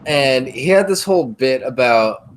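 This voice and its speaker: Man, mid-pitched, dry, opinionated, halting, faint background noise. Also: lively intonation. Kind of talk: casual group chat.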